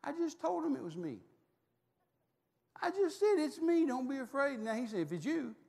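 A man preaching voices a calm leader calling out to reassure his frightened friends. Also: very high voice, normal speed, vocal fry, big-room sound, pitched above the performer's own voice, heavily acted. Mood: thoughtful. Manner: soothing, encouraging calls.

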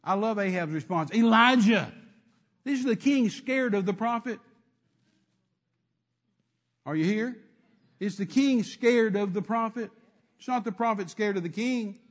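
A man's voice: high voice, a little slow, long pauses. A man preaching a sermon, emphatic and repetitive, calling out to his congregation.

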